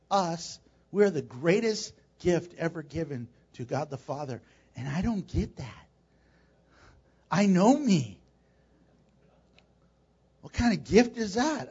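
A male pastor preaching a sermon in a church, animated and joking with laughing asides. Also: high voice, slow pace, pauses often, breathy edge, lo-fi sound.

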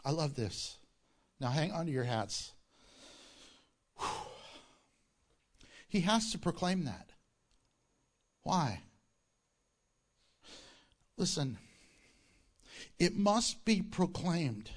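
A man preaching a sermon as pastor, animated and joking, often laughing at his own lines. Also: fairly high pitch, very slow, pauses often.

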